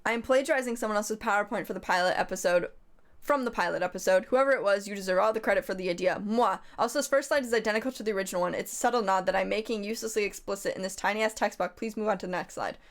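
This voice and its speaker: A woman's voice: mid-range voice, racing. A woman streamer giving comedic livestream commentary, reading slides aloud in a playful, rambling way and jumping into goofy bits.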